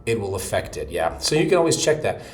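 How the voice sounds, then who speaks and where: A middle-aged man teaching a relaxed, chatty voice lesson, breaking into short sung demonstrations. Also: lowish voice, fast talker. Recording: echoey room with faint noise.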